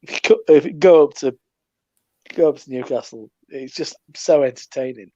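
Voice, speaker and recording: Male co-host, casual banter, keeps restarting, slightly high pitch, dry muffled recording. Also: normal speed, mellow, no echo. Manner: jokey, stammering restarts. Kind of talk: casual chat.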